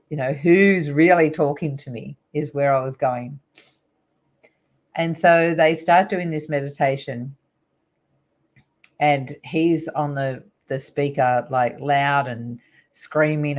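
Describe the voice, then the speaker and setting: Earnest middle-aged woman telling a story. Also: sits low. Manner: earnest, rambling, heavy use of fillers. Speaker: guest, spiritual teacher. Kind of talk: personal storytelling in an interview.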